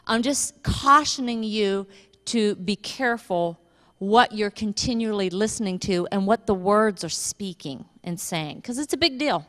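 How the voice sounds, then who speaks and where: A woman pastor preaching a sermon, telling a funny story with lively, animated delivery and laughter. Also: mid-range voice, a little slow. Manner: animated storytelling, laughing at her own stories. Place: church. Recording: reverberant church hall.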